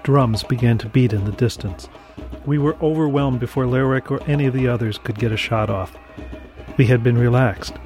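A man narrating a first-person horror story in a measured, dramatic storytelling manner. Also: medium pitch, darkish tone, soft background music.

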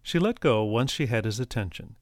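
A man reading a story aloud as an audiobook narrator, in a steady, even storytelling manner. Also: mid-range voice, fairly quick, no room sound, studio quality.

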